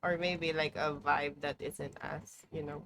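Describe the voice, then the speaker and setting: A woman's voice: sits low, fairly even intonation, measured pace, vocal fry, fairly bright tone, slight background noise. A young woman chatting casually on a live stream, playful and mock-dramatic, swearing freely, from a room at home with a heater running. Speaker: livestreamer.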